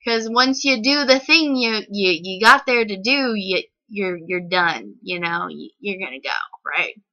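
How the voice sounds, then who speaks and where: Woman vlogger, indignant rambling storyteller, very bright edgy tone, slightly muffled lo-fi audio. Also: mid-range voice, expressive, a little slow. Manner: indignant and rambling, heavy use of "like". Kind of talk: casual storytelling vlog. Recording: slightly dull lo-fi recording.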